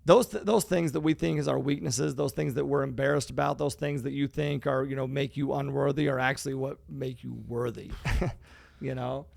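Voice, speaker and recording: A man's voice: medium pitch, steady tone, moderate pace, creaky, a little mellow, no room sound, clean studio sound. A man co-hosting a podcast, talking in an emphatic, casual motivational way and cursing freely. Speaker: podcast co-host.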